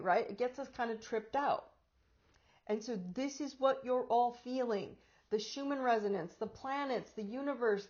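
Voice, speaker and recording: A woman life coach talking casually to her viewers about anxiety, animated and quick to act out inner voices, with frequent laughs. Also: a little high, highs cut off. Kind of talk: casual spiritual talk to camera.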